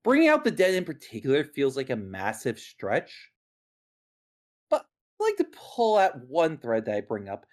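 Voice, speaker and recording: A podcast guest and critic reading a prepared explanation, earnest and lively, correcting themself now and then. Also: mid-range voice.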